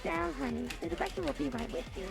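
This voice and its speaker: A woman voicing a brisk female receptionist at a spy office in a video game, with a gravelly, clipped delivery. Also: high-pitched, animated, music in the background, exaggerated voice. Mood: curt.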